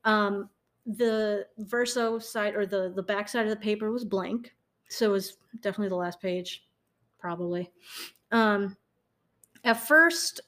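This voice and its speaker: A woman's voice: mid-range voice, a bit bright. A young woman co-hosting a podcast who recaps a true-crime case in casual storytelling, laughing often, stumbling over words and correcting herself with frequent ums. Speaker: podcast co-host.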